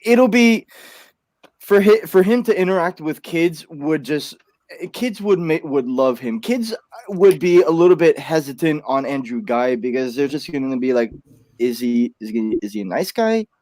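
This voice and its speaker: A man competing in a comedic podcast debate, speaking in halting bursts full of restarts. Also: fairly high pitch, lively intonation, darkish tone, dry recording.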